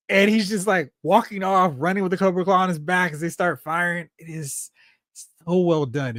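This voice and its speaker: Man, fairly high voice, excitable and chatty, reading comments out, dry close sound. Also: dry recording. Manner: chatty, excitable, reads viewer comments aloud. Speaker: host of a toy collecting show. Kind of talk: casual live-stream chat reading comments.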